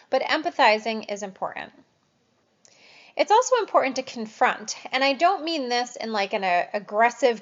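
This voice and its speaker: Instructor, female, slightly high voice, patient explanatory delivery, muffled lo-fi recording. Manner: clear, explanatory, with example phrases acted out. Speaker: nursing instructor. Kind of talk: recorded lecture. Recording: dull lo-fi lecture audio.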